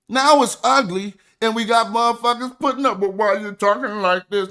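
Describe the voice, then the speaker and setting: A man's voice: high-pitched, normal speed, few pauses, bright, forceful tone. A young man hosting a stream, lecturing emphatically and reading aloud from his notes in an argumentative way. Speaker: stream host. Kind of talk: livestream lecture.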